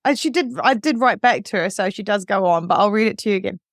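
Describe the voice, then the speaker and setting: A woman's voice: medium pitch, fast, no echo, clean studio sound. A woman hosting a podcast in casual chat, getting emotional and choked up as she talks. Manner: emotional, choking up while reading aloud. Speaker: podcast host.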